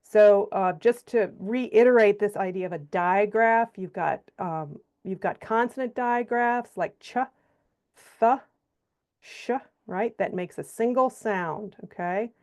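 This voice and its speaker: A woman at a mid-range pitch leads a phonics workshop for teachers. She walks through each example one step at a time and draws the vowel sounds out slowly. She keeps checking in with her listeners as she goes. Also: darkish tone. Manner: explains step by step, checks in with frequent okays and all rights; sounds out syllables slowly and stretches example words. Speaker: reading teacher trainer. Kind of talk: instructional presentation.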